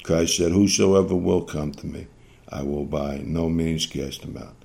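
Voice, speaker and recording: Deep gravelly-voiced male preacher. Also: a little slow, darkish tone. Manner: earnest, exhorting, repeats phrases. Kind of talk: sermon.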